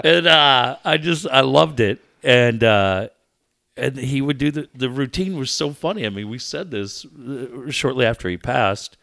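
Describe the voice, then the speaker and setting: A man's voice: mid-range voice, unhurried, creaky, pushed and bright. A male sports broadcaster recalling ballpark stories in a casual talk, chatty and laughing.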